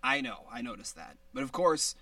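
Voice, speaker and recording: A man's voice: medium pitch, very animated, bright, forceful tone, dry recording, far from the mic. A man hosting a podcast over a video call, rambling casually and laughing at himself. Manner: rambling, self-deprecating, quick to laugh. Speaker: podcast host.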